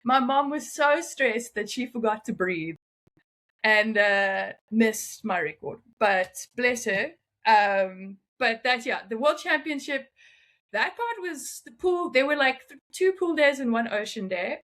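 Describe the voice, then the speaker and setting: A young woman telling stories as an interview guest, animated and often laughing. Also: a little high. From South Africa. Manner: animated, laughing, quick asides. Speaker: guest, freediver. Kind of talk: casual interview storytelling.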